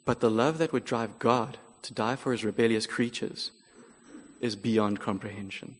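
A man delivers a sermon in a measured, earnest manner, working through a scripture passage point by point. His voice sits at a middle pitch. The sound carries the long reverb of a large church hall. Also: steady tone. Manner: measured, earnest expository preaching. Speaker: preacher.

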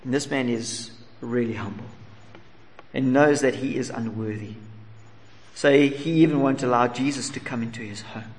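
A man preaching a sermon, earnest and questioning, sometimes dropping to a soft, humble plea. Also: mid-range voice, moderate pace. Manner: earnest preaching, rhetorical questions, voicing humble pleas softly. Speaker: pastor. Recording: long reverb in a large hall, faint ambience.

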